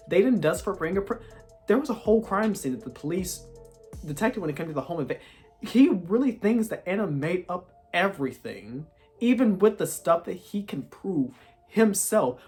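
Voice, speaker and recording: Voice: medium pitch, darkish tone. Exasperated reviewer ranting casually. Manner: exasperated, ranting, heavy use of "like". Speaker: TV show reviewer. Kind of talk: casual recap commentary. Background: faint background music.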